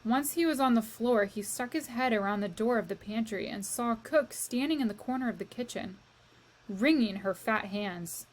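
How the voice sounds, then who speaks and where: This is a fairly high-pitched female voice reading aloud from a children's novel to a classroom. Her storytelling is unhurried and expressive, speaking to the reader.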